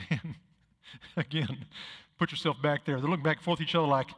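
A man's voice: on the high side, moderate pace, long pauses, bright, forceful tone, in a large hall. A male pastor preaching a sermon, telling stories and acting out the dialogue, building to emphatic peaks. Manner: storytelling, acts out dialogue, rises to emphatic peaks.

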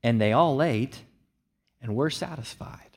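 A man's voice: medium pitch, unhurried. A man preaching a sermon, explaining a passage and acting out the speakers' lines with animation. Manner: animated, acts out the disciples' lines in a raised voice. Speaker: pastor.

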